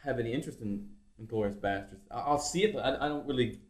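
A contrarian man on a casual podcast, talking fast and swearing as he disagrees. He sounds grumbling and dismissive. Noticeable room echo surrounds his voice. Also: medium pitch, a little hiss or hum. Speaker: podcast co-host. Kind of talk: casual chat.

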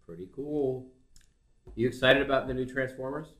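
A man's voice: mid-range voice, normal speed, a bit bright, roomy sound. A man co-hosting a podcast in casual chat, making dry, sarcastic quips. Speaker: podcast co-host.

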